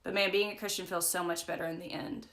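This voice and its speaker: A woman's voice: on the low side, little pitch movement, fast talker, fairly bright tone. A young woman leading a casual livestream Bible study, chatty and storytelling, often saying "like" and "right?". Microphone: phone or webcam for a live stream.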